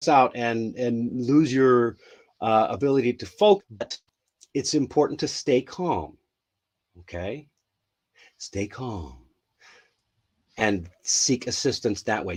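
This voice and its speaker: A man's voice: mid-range voice, lively intonation, slow, long pauses, darkish tone, breathy edge. A man hosting a live English lesson, loose and rambling with many restarts, acting out example phrases with emphasis. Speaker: English teacher, live show host.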